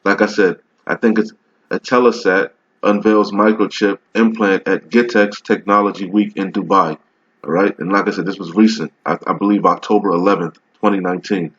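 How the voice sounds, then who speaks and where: A man's voice: deep voice, steady tone, normal speed, a bit bright, slightly rough, lo-fi sound. A man giving casual, emphatic religious commentary over a video, rambling and often asking "all right?". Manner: rambling with many restarts while browsing.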